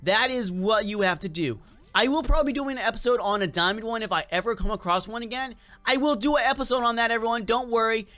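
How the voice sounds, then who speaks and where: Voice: mid-range voice, quick pace, sharp tone. A gaming video creator with a slight accent and a lingering cold, giving playful, chatty gameplay commentary straight to viewers.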